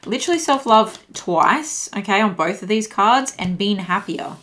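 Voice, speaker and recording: A woman's voice: mid-range voice, expressive, normal speed, a bit bright. Woman musing through a tarot reading. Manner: musing, thinking aloud, repeats phrases. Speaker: tarot reader. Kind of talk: casual tarot reading to camera.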